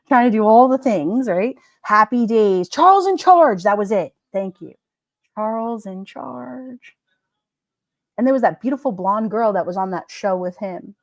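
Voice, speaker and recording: A woman's voice: medium pitch, moderate pace, darkish tone, no room sound. A woman hosting a live stream, chatting casually and rambling with her viewers, often giggling.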